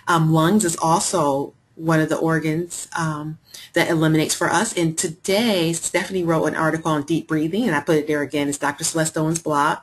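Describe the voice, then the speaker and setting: A woman's voice: low-pitched, slightly rough. A woman hosting a live health webinar, talking in a chatty way and reading out and answering viewers' chat messages. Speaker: webinar host.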